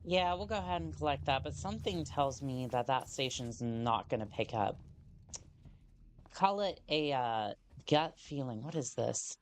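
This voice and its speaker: A woman game streamer talking casually into her desk mic, rambling as she plays. She often restarts her sentences and slows down to read on-screen text aloud. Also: rumbling low, expressive, a little hiss or hum. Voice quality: rambling, self-correcting, reads on-screen text slowly. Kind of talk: casual gameplay commentary.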